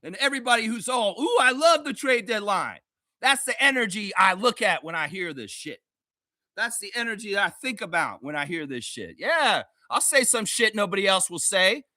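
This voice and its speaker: A man's voice: high-pitched, big pitch swings, moderate pace, pushed and bright, dry recording, studio quality. A man hosting a sports fan livestream, ranting heatedly and sarcastically with a lot of swearing, then easing into laughing, loose chat. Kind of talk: profane ranting fan commentary.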